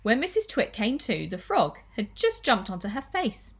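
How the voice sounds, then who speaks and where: A woman primary school teacher reading a children's story aloud with expressive storytelling. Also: fairly high pitch, normal speed, slightly rough.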